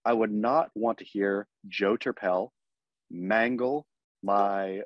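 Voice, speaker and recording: An American man co-hosting a podcast in casual chat, animated and quick to act out mock dialogue. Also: on the low side, no room sound, muffled recording. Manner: animated, acts out mock dialogue, laughs often. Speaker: podcast co-host.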